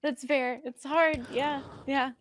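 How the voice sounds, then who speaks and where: A woman's voice: high-pitched, fairly even intonation, slow pace, slight background noise. Giggly, earnest woman podcast host. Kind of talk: casual chat.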